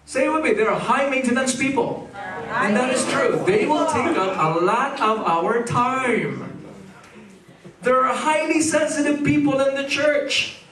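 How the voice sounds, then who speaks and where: A middle-aged man preaching a sermon as pastor, animated and leading the congregation in call-and-response. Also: very high voice, a little slow, reverberant, distant mic, crowd noise, rough recording. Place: church sanctuary.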